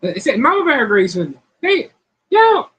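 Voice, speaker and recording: A woman's voice: medium pitch, sing-song, a little fast, a bit bright, breathy edge, rough recording. A middle-aged woman, hosting a casual live-stream chat and reading quiz questions in a folksy, playful way. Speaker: host of a cooking channel's live chat.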